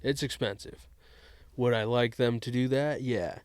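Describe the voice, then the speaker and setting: An easygoing man in his thirties with a New England accent chats on a podcast, often laughing. His pitch sits in the middle, and the recording is dry and close to the mic. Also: unhurried, smooth, no echo. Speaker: podcast guest, basketball coach, dad. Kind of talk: casual chat.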